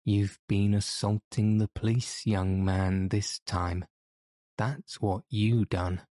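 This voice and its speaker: Guy doing a grumpy village cop, low dark voice, blunt and accusing, drops his h's. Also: steady tone, slow, no room sound, studio quality. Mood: indignant. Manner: blunt, accusing, dropped aitches. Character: gruff village police constable, indignant man. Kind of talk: audiobook character voice.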